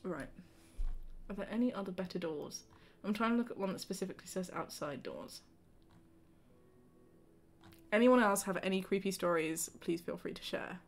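Animated woman telling a story. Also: mid-range voice, brisk. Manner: animated storyteller, laughs often. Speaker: gaming streamer co-host. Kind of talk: casual chat while playing.

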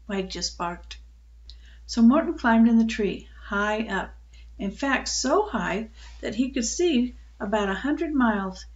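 An older woman reads a children's book aloud in a calm, unhurried storyteller's way, with the odd small slip. Her voice sits slightly high, and the recording is dull and lo-fi.

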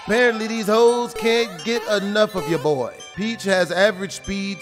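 Loud, high-voiced gaming host. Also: male voice, animated, a little slow, music in the background. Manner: profane, shouting reactions, jokey. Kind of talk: crude, loud gameplay commentary.

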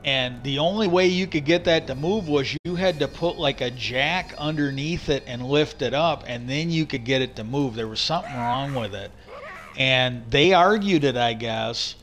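A man's voice: medium pitch, normal speed, a bit bright, a little hiss or hum. A man streaming live, telling a long casual story, retelling conversations with "he goes" and "I go" and swearing freely. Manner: rambling, retells talks with "he goes" and "I go".

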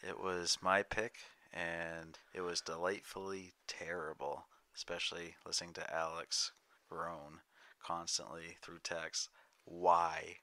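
A man's voice: low-pitched, flat delivery, slow, pushed and bright, dry recording. A man co-hosting a casual book podcast, teasing and easygoing. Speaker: podcast co-host.

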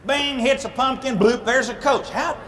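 A man, a humorist minister telling an animated, playful comic story at a live speaking event. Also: extremely high pitch, moderate pace, background noise. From Southern United States. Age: 40s.

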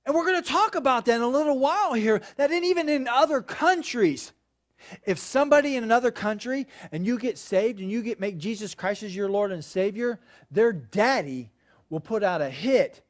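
A pastor preaches to his congregation in a loose, conversational way. His voice sits high for a man, and he keeps checking in with his listeners, then pushes hard on the points that matter. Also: expressive, moderate pace. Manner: conversational preaching with repeated "okay" checks, rising to loud emphatic peaks. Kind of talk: sermon.

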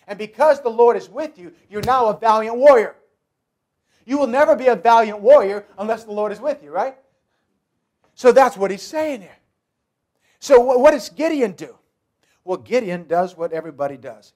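A man's voice: sits high, animated, normal speed, darkish tone. A man pastor preaching a sermon, emphatic and repetitive, speaking directly to the congregation.

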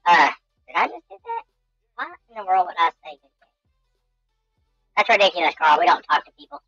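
A woman hosting a let's-play game commentary, goofy and excitable, talking to herself and making silly sound effects. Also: on the low side, fairly quick, pauses often, breathy edge, soft background music. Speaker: gaming channel host. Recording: dull lo-fi dry recording.

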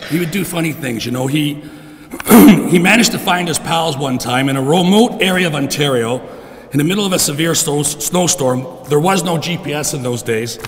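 A middle-aged man giving a heartfelt funeral eulogy for his father in a church, clearing his throat often. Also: medium pitch, fairly bright tone, a little hiss or hum. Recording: long reverb in a church.

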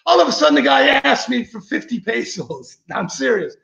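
A man's voice: extremely high pitch, sing-song, moderate pace, gravelly, a bit bright. A man hosting a vlog, telling a rambling story to his viewers in a casual, chatty way. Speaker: vlogger host. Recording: echoey, slightly dull recording.

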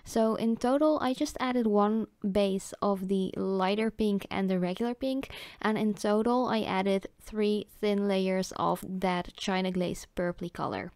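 A woman's voice: medium pitch, unhurried, darkish tone, smooth, dry recording. A young woman, a native Dutch speaker, giving a casual nail art tutorial voice-over, chatty and full of fillers, sometimes correcting herself.

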